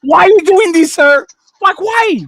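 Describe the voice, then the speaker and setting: High-voiced man scolding, dry close mic. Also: measured pace, fairly bright tone, dry recording. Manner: repeats himself, cuts in, exasperated and scolding. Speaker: co-host. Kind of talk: heated live audio-room argument.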